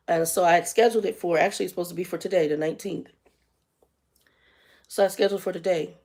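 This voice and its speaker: A woman in her fifties telling a story in a casual vlog, animated and exasperated, acting out the dialogue. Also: lowish voice, fast talker, creaky, pauses often. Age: 50s. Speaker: vlogger.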